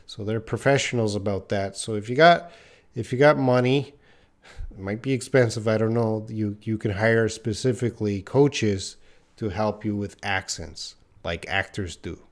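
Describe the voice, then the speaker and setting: A man's voice: on the low side, normal speed. A man teaching English, talking casually with fillers and restarts as he gives advice on accents. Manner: relaxed, rambling with fillers and restarts.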